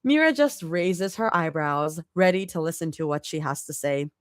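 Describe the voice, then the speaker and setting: A woman's voice: lowish voice, lively intonation, a little slow, hardly any pauses, dry recording, clean studio sound. A woman doing a casual live reading of a story, with small slips and restarts. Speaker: fanfic reader.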